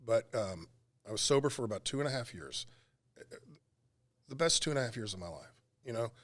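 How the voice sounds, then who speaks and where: With an animated, somewhat bright medium-pitched voice, a middle-aged radio co-host recounts a personal story for a podcast interview. Emotion makes him halting, and he pauses frequently.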